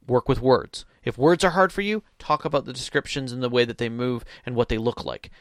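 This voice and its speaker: A man's voice: mid-range voice, a little fast, dry recording, clean studio sound. A man co-hosting a tabletop gaming podcast in casual chat, eagerly agreeing and giving firm advice. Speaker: podcast co-host.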